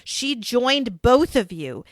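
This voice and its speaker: A woman's voice: a little high, big pitch swings, slow, no echo, studio quality. A woman hosting a podcast interview, talking earnestly and getting emphatic when something upsets her. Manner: earnest, grows heated and emphatic when indignant. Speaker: podcast host. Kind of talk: casual conversational interview.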